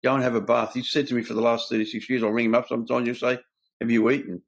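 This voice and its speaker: A man's voice: medium pitch, flat delivery, very fast, gravelly. An older man with an Australian accent, hosting a candid talk and telling his own story in an earnest, blunt way. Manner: earnest, blunt, tells stories with quoted dialogue. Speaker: host sharing his own recovery story. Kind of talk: candid conversation.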